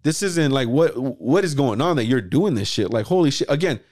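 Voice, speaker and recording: A man hosting a casual podcast chat, talking in an animated way, swearing freely and acting out his own past thoughts. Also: medium pitch, normal speed, no echo, clean studio sound. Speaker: podcast host.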